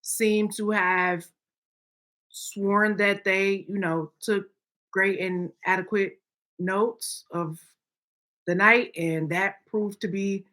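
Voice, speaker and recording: A woman's voice: mid-range voice, fairly even intonation, takes it slowly, a bit bright. A woman co-hosting a podcast, giving her opinions emphatically and often checking in with "okay?". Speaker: podcast co-host. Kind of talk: opinionated casual chat.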